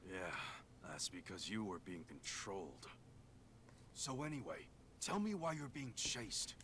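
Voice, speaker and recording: A woman's voice: big pitch swings, unhurried, slight background noise, heavily acted. Pikachu, a woman voicing a bouncy mouse detective. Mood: explaining. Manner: bouncy, sing-song delivery that swings widely in pitch. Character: small male electric-mouse detective, earnest and curious. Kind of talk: let's-play voice acting over game dialogue.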